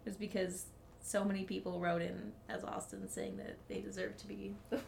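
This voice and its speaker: A woman's voice: mid-range voice, little pitch movement, moderate pace, creaky, darkish tone, a little hiss or hum. A woman co-hosting a podcast who reads her recap notes aloud in a casual way, laughing often and swearing lightly. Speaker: podcast co-host.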